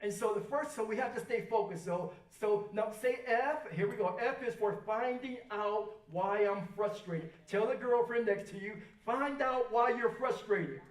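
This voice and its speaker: A woman's voice: mid-range voice, normal speed, few pauses, a little mellow. A woman speaking at a rally, coaching the audience and asking them to repeat her lines. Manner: repetitive, coaching, has the crowd repeat lines. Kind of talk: motivational talk to an audience. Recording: echoey hall, voice far from the mic.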